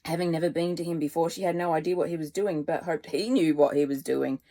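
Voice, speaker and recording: Lady author reading her own storybook out loud, pretty expressive. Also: sits low, fast talker. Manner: expressive, lively narration.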